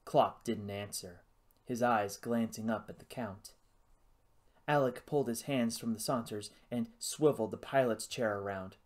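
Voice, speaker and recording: A man reading a novel aloud as audiobook narration, in a dramatic, expressive way. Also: lowish voice, a little slow. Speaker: audiobook reader.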